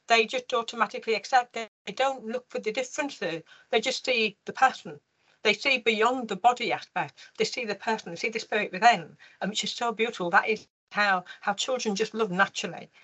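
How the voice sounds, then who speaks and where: Her voice is on the high side with a breathy edge: a UK woman, interviewed as a guest, tells her life story in a lively way, with many fillers and restarts, over poor audio.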